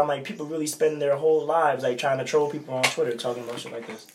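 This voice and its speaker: A young man hosting a podcast, chatting casually and telling stories with animated energy. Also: mid-range voice. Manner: animated storytelling, reads aloud quickly. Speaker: podcast host. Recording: echoey room.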